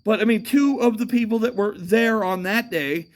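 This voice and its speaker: High-voiced man rambling profanely. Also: moderate pace. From United States. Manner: profane, meandering, with frequent fillers and restarts. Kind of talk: casual rambling monologue. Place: outdoors at night.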